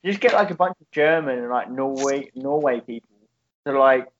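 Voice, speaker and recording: A man's voice: medium pitch, normal speed, a little hiss or hum. A man co-hosting a podcast in casual chat, rambling and swearing, laughing often. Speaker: podcast co-host. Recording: dull lo-fi sound.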